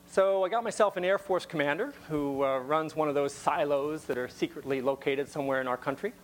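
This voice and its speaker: A man's voice: a little high, fairly quick, hardly any pauses, slight background noise. A man giving a talk to an audience, telling a story conversationally with wry asides and frequent repeated words.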